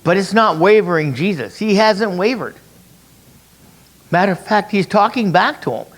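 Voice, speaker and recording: A man's voice: high-pitched, expressive, normal speed. A man leading a conversational Bible study, explaining through rhetorical questions and repeating his key points. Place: church meeting room.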